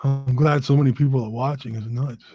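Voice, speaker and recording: Over music, a middle-aged man chats loosely and profanely on his own podcast, muttering to himself as he sets up a live stream. His voice is medium in pitch and steady, moving a little fast.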